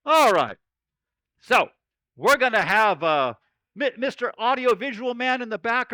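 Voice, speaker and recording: A man's voice: high voice, bright, forceful tone, dry recording, low-quality recording. A man speaking as a folksy cowboy storyteller, giving a playful chapel talk to children at camp. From Oregon.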